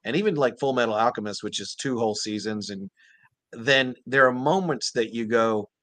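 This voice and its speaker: A man, a voice actor guest, telling stories in an animated, earnest way during a casual interview. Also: mid-range voice, normal speed, no echo.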